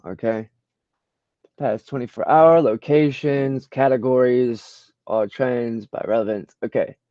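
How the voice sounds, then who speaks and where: A man in a laid-back screen-share session, full of slang and swearing, breaking into loud disbelief at what he finds. His audio is dull and lo-fi, with a dry, close sound. He talks at a mid pitch. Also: no room sound. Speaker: vlogger browsing trending searches. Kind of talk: casual screen-share commentary.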